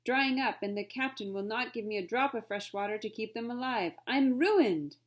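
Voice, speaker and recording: Woman reading as a frantic Frenchman with a put-on French accent, wailing loud and high. Storybook voice. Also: normal speed, close to an everyday voice. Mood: despairing. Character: excitable French immigrant man, despairing.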